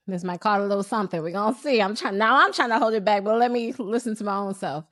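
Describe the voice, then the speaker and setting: A woman hosting a heartfelt conversation, speaking softly with gentle affirmations and drawn-out phrasing. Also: medium pitch, no echo, clean studio sound. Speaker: host.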